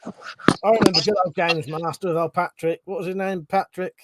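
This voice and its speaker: A man's voice: sits high, fairly even intonation, brisk, heavy background noise. A man hosting a live stream, chatting loosely, swearing casually and reading out chat messages from home. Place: home room.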